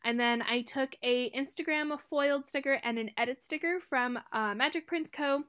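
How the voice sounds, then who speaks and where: A woman's voice: high-pitched, normal speed, fairly bright tone. A woman in her twenties chatting casually as she narrates her planner, rambling with lots of fillers and laughing at herself. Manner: self-deprecating, laughs often. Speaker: planner vlogger.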